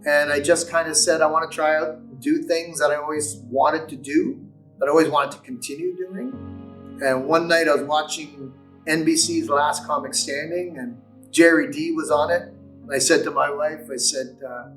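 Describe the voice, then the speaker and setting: A man's voice: fairly high pitch, fairly even intonation, normal speed, fairly bright tone. A middle-aged man, a comedian, reflecting on his life in a documentary interview. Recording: distant mic with guitar music.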